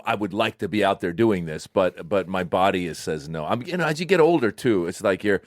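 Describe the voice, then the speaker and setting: A man's voice: low-pitched, brisk, no room sound. A middle-aged man from Iran, a guest comedian chatting in a radio studio and acting out quotes as he tells stories. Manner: animated storyteller, acts out quotes. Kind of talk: casual chat.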